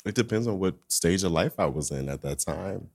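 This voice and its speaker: Deep-voiced, calm man co-hosting a podcast. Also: fairly quick, vocal fry. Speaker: podcast co-host. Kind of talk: casual podcast chat.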